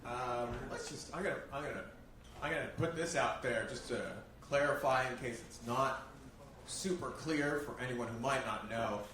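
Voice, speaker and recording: A man's voice: medium pitch, moderate pace. Male stand-up comic, self-mocking and profane, live club set with lots of room echo and audible background noise. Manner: animated, self-mocking, swears freely. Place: comedy club stage. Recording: roomy live-club sound, mic heard from a distance. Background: audience laughter.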